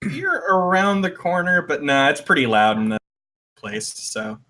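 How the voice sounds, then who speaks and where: A man's voice: a little high, sing-song, unhurried, pushed and bright. A man running a tabletop game as game master, narrating with chuckles and fillers.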